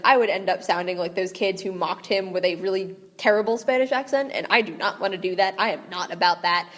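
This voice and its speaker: Young woman rambling between read passages. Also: mid-range voice. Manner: rambling, giggly asides. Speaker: amateur audiobook reader. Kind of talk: reading aloud with casual commentary. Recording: echoey room with long reverb.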